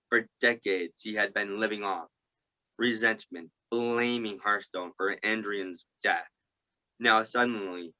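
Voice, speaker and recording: Man reading aloud, halting, slow, bright tone, dull lo-fi recording. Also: on the low side. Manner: halting, stumbles over words and restarts. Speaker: group reader.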